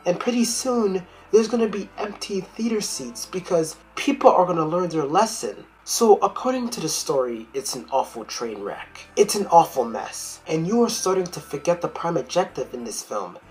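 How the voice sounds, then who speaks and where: A woman's voice: lowish voice, lively intonation, normal speed, few pauses, a little mellow, faint music behind, rough recording. A woman critic delivering a blunt, profane rant in a video film review.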